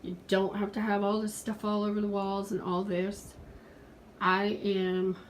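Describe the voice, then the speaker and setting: A woman's voice: mid-range voice, monotone, unhurried, rough recording. Earnest woman in her 40s, casual home video in her pet room, kinda pleading, faint noise behind. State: out of breath. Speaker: pet vlogger.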